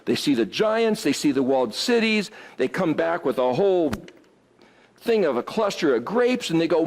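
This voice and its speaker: A man teaching a Bible study class to a group, explaining word roots in an animated, exclamatory way. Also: fairly high pitch, normal speed.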